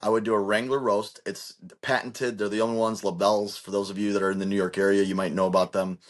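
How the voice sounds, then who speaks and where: A man with a lowish voice talks through ideas in a loose, casual podcast chat. He rambles, restarts his sentences and leans on filler words as he goes. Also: little pitch movement, fast. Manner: rambling, restarts often, heavy use of "like". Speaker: podcast co-host.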